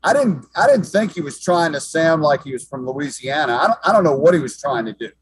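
A man's voice: a little high, lively intonation, a little fast, slight background noise, poor audio. A man giving sports talk commentary as an analyst, emphatic and often repeating words as he thinks.

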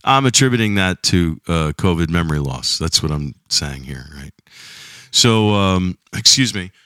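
A man's voice: deep voice, animated, moderate pace, pushed and bright, smooth, no echo, studio quality. A middle-aged man hosting a casual solo podcast, rambling and chatty with a slight lingering cough. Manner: rambling, chatty, self-deprecating. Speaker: podcast host.

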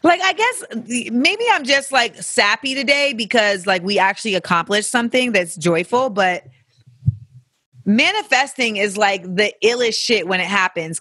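A podcast host giving casual advice in an animated way, with profanity and joking asides. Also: mid-range voice, moderate pace, dry recording. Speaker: podcast host answering listener questions.

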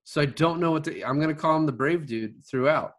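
A man in a relaxed movie review chat. He rambles, restarts his sentences and fills the gaps with ums and likes. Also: fairly high pitch, brisk. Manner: rambling, many fillers and restarts, laughs often. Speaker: podcast co-host.

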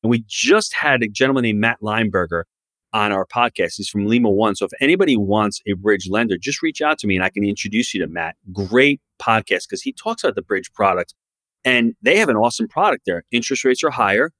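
Male podcast guest with a low voice and a dry, close sound. He is an investor who gives advice emphatically. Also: animated, fairly quick, a bit bright, no echo. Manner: emphatic, promotional advice-giving. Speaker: real estate investor guest. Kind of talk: podcast interview.

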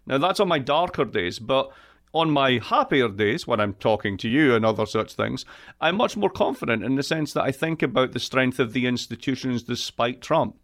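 A man talking as a professor in an interview, speaking in a reflective, measured way from a home music studio. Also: medium pitch, animated, fairly bright tone. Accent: Scottish. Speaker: political economy professor, guest. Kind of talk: conversational interview.

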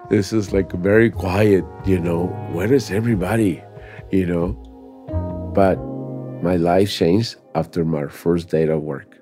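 Older man, low voice, animated storyteller, music under him. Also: a little slow. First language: Spanish. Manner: animated, acts out quotes, says "you know". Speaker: interviewee. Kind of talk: storytelling interview.

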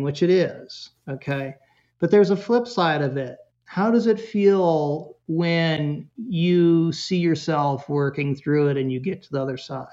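A man telling a parenting story as a podcast guest, lively and full of fillers, acting out the people he quotes. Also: a little high, dull audio. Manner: animated storyteller, acts out quotes, many fillers.

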